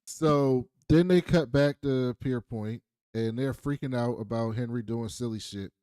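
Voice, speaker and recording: A man's voice: medium pitch, unhurried, clean tone, no echo, clean studio sound. A man co-hosting a casual TV recap podcast, retelling scenes and acting out the characters' lines. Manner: animated storytelling, acts out characters' lines. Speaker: podcast co-host.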